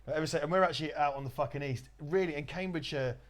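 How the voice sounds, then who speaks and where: A man's voice: a little high, racing. An English man from England hosting a livestream, blunt, sweary and enthusiastic in casual chat.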